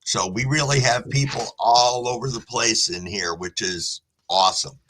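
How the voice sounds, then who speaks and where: A man's voice: medium pitch, moderate pace, very noisy. A man hosting a live stream, chatting casually with a guest and cheerfully greeting viewers from the chat.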